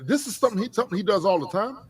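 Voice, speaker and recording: A man in casual podcast chat, teasing his co-host and firing off quick questions. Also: high-pitched, expressive, breathy edge.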